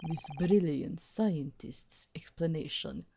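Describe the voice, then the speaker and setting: A woman voicing a cold, haughty male prosecutor in a game read-along, speaking in a low, hushed, drawn-out way. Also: vocal fry, slight background noise, heavily acted. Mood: disdainful.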